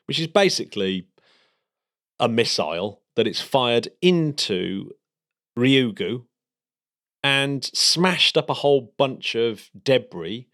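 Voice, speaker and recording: A man's voice: mid-range voice, a bit bright. A man co-hosting a casual space podcast, rambling enthusiastically through the week's news. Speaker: podcast co-host.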